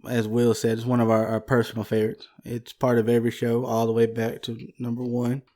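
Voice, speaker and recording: A man's voice: mid-range voice, monotone, a little fast, mellow. A man co-hosting a casual podcast, telling history in an easygoing way and laughing often, at a desk microphone. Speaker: podcast co-host.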